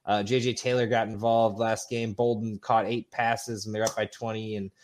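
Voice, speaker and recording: A man's voice: lowish voice, little pitch movement, moderate pace, darkish tone. A man co-hosting a podcast, chatting casually and rambling, swearing freely and correcting himself as he goes. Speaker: podcast co-host. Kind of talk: casual fantasy football chat.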